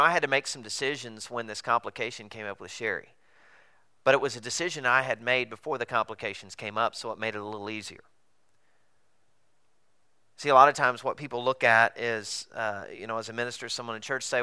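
Bright, clear-voiced man preaching. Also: medium pitch, brisk. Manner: conversational, animated preaching with rhetorical questions. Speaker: pastor. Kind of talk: sermon.

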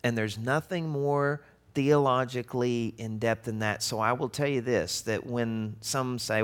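A man preaching a sermon in a conversational, animated way, asking the audience rhetorical questions. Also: medium pitch, measured pace. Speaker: pastor.

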